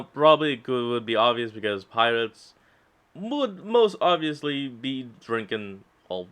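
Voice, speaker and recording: A man's voice: fairly low pitch, a bit bright. A man hosting a reaction video, talking in a rambling, casual way with blunt slang. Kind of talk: casual commentary.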